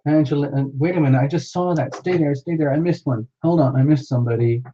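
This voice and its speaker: A man's voice: a little high, fast talker, warm tone. A man hosting a live tarot reading stream, chatting casually with viewers and reading out their names. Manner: chatty, self-talking, reads out viewer names. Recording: dull lo-fi sound with faint background noise.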